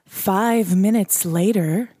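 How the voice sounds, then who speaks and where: A podcast co-host throwing in quick, laughing quips. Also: mid-range voice, dark tone, husky. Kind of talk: casual chat.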